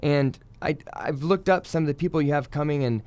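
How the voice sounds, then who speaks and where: Earnest smooth-voiced man promoting the Navy. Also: a little high, fairly quick, a little mellow. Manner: earnest, promotional, many fillers. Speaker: navy public affairs officer. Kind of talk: radio interview guest.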